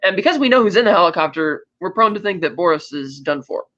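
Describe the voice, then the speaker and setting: A fast-talking woman with a lowish, slightly bright voice and lively intonation co-hosts a podcast, chatting casually about movies as she retells scenes and acts out the characters. The audio is dull.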